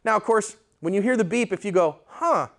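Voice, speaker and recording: A man with a notably high speaking voice lectures a room of pistol students. He talks bluntly and with emphasis, and keeps checking that the class is following him. It sounds like a live classroom lesson rather than a script. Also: fast talker. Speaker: firearms instructor.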